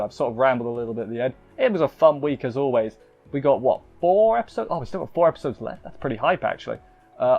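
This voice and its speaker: A man's voice: medium pitch, a little mellow, highs cut off. A man casually recapping an anime episode as a reviewer, rambling with lots of fillers and self-corrections.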